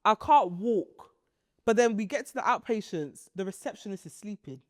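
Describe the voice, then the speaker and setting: A woman, telling a story on a podcast in animated, laughing casual chat. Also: medium pitch, normal speed, no room sound, clean studio sound. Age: 30s. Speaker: podcast co-host.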